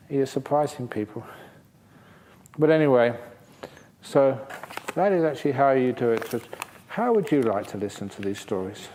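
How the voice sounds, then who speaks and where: Male monk teacher, lively storyteller, mid-pitched voice, relaxed talk. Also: a little hiss or hum. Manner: lively storyteller, playful and humorous. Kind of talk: dharma talk with Q&A. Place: retreat centre hall.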